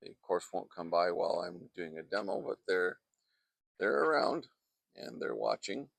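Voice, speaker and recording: Man, painting instructor, low gravelly voice, chatty and digressive, close dry mic outdoors. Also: lively intonation, normal speed, dry recording. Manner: chatty, wandering off into asides. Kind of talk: casual painting demonstration. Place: outdoors in a backyard. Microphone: close microphone.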